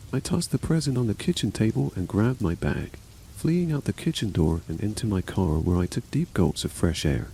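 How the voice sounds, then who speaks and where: A man reads a horror story aloud in a dark, mellow voice with a lively, rising and falling delivery. He takes every part himself, pitching up a little for the frightened daughter. Faint rain patters behind him. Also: creaky, a little hiss or hum, rough recording. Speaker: narrator. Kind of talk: scripted horror story narration.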